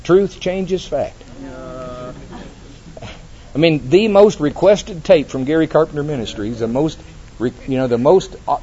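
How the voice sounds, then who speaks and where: A man preaching a lively sermon, laughing and rising high when he acts out scripture. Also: highs cut off, slight background noise.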